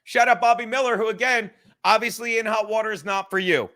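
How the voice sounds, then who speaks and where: A man's voice: high voice, fairly even intonation, brisk, sharp tone. A man hosting a podcast, ranting casually with heavy swearing and sarcastic asides. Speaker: podcast host. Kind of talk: casual rant.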